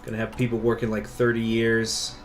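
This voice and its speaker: A man's voice: lowish voice, monotone, brisk, slight background noise. A man streaming a strategy game, rambling and digressing through casual commentary. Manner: rambling, digressive, filler-heavy. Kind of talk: casual gameplay livestream commentary.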